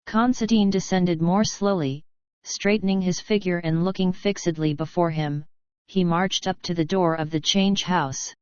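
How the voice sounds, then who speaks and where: A woman narrating an audiobook in a measured, even reading. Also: on the low side, clean tone, no echo, muffled recording.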